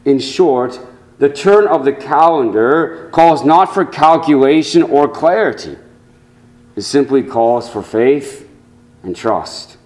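Slow, measured male preacher. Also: medium pitch, lively intonation, a little mellow, poor audio. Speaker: pastor. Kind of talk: sermon.

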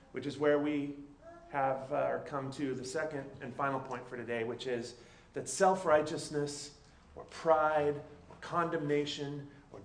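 Guy preaching a chatty sermon, kinda high voice, roomy echo around him. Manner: conversational preaching, checks in with listeners. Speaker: pastor.

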